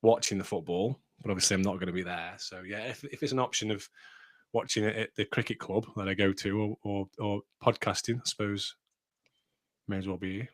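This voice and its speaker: A man's voice: fairly low pitch, fairly even intonation, brisk. A man hosting a running podcast from his home office, chatting casually and laughing at himself. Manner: chatty, laughing, self-mocking. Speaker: podcast host. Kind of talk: casual chat.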